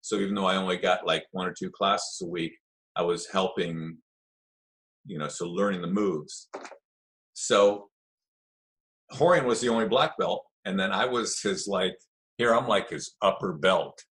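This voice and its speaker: A middle-aged man telling a story in a relaxed, chatty way, acting out the voices of the people in it. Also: deep voice, measured pace, long pauses. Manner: animated storyteller, acts out quoted voices. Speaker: guest telling stories of early jiu-jitsu. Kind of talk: casual storytelling.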